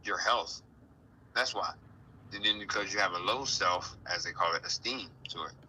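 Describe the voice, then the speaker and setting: A man giving a casual spiritual talk, playful and animated, often acting out other people's voices. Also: low-pitched, moderate pace, slight background noise, poor audio. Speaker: guest speaker.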